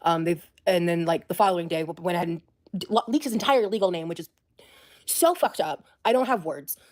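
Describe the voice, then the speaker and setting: A woman talking hesitantly on her livestream, with many pauses and fillers. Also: fairly low pitch, darkish tone. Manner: hesitant, full of ums. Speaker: streamer being watched. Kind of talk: casual livestream talk.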